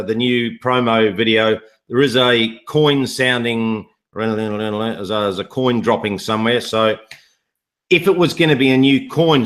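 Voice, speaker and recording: Dude on a video call, middle pitch, rambling, cracking jokes. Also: male voice, fairly bright tone. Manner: joking, rambling storyteller. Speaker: online business promoter. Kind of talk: casual live video chat.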